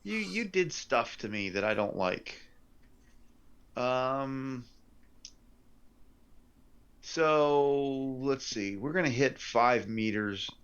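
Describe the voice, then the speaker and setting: A man's voice: mid-range voice, animated, slow, fairly bright tone. A man running a tabletop game as game master, thinking aloud over rolls and rules in a lo-fi live-stream recording. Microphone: headset or desk mic on a live stream.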